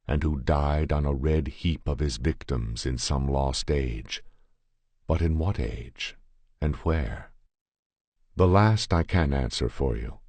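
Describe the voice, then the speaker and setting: A man reading a horror tale aloud in a measured, grave first-person narration. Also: a bass voice, darkish tone, dry recording. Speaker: audiobook reader.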